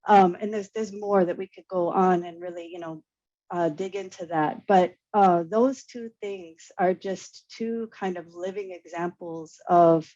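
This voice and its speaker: A woman's voice: on the low side, measured pace. A woman, an artist and curator, telling a personal story earnestly and with feeling on a panel. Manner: earnest, emotional, animated storytelling with laughs. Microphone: video call. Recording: dull lo-fi video call audio.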